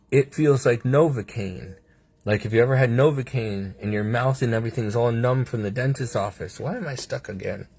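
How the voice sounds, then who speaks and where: A man in a hospital room, telling a casual video diary about his treatment, wry and sarcastic, acting out the doctors' lines and his own replies, laughing between remarks. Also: on the low side. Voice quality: husky. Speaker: patient sharing a hospital update.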